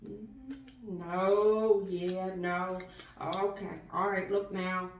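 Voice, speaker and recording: A woman giving a blunt, slang-filled tarot reading straight to the viewer, casual and animated. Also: on the low side, drawn-out words, echoey room, recorded from a distance, slight background noise. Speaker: tarot reader.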